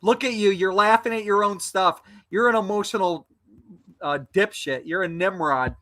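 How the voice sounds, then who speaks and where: A live stream guest, furious, keeps insulting a troll over and over in a heated video-call argument. He talks at normal speed, his high-pitched voice bright and forceful.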